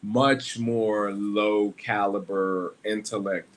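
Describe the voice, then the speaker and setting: A man's voice: fairly low pitch, little pitch movement, slow, a little hiss or hum. A young man hosting a casual solo livestream, rambling and joking at his own expense, swearing freely and laughing often. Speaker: livestream host.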